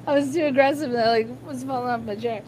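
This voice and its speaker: A woman chatting casually with a friend, telling lively stories, laughing often and swearing freely. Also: on the high side, fast talker, a little hiss or hum, rough recording. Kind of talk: casual chat between friends.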